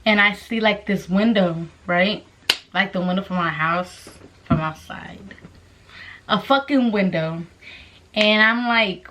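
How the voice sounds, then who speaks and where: A woman's voice: mid-range voice, takes it slowly, slight background noise. A young woman telling a story in a casual vlog, swearing constantly and acting out the voices of the people in it. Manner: profane, animated storytelling with quoted voices. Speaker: vlogger.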